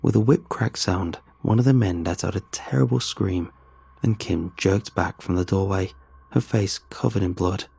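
A man narrating a first-person horror story in a measured, tense storytelling manner. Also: deep voice, creaky, mellow, slightly rough.

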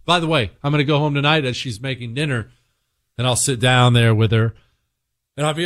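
A man's voice: medium pitch, quick pace, no room sound, studio quality. A middle-aged man hosting a radio talk show, chatting casually and teasing as he tells stories and reads ads. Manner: sarcastic, playful, teasing storytelling. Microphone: studio microphone.

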